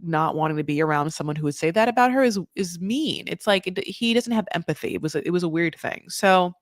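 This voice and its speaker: A woman hosting a casual recap podcast, animated and sarcastic, swinging between loud outbursts and muttered asides. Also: lowish voice, fast talker, no room sound, clean studio sound. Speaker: podcast host.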